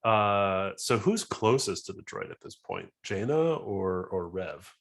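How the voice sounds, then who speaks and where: A man's voice: fairly low pitch, sing-song, unhurried, a bit bright. A man playing a tabletop game, describing his character's actions in a rambling, casual way. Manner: rambling, filler-heavy. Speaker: player.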